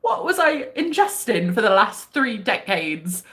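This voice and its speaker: A woman's voice: mid-range voice, sing-song, a little slow, a bit bright. An American woman chatting playfully on a livestream in a put-on English accent, rambling and joking. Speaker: livestream host. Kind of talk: casual chat.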